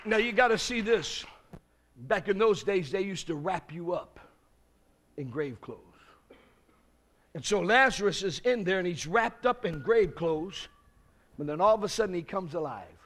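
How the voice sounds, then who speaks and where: A male preacher with a high, bright, ringing voice that swoops widely up and down. He delivers a dramatic revival sermon, acting out the voices in the story and rising to full shouts. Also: animated, measured pace, pauses often.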